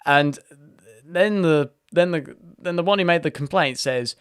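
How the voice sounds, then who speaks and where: A man's voice: on the high side, a little slow, fairly bright tone, clear, resonant tone, no room sound, clean studio sound. A man hosting his own video, chatting casually and laughing as he reads out posts. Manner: amused, laughs often, chatty with many restarts. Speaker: vlog host. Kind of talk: casual commentary reading posts aloud.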